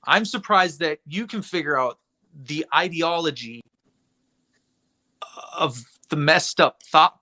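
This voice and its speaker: A man hosting a livestream, talking in a rambling, indignant, animated way. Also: a little high. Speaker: livestream host. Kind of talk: casual livestream chat.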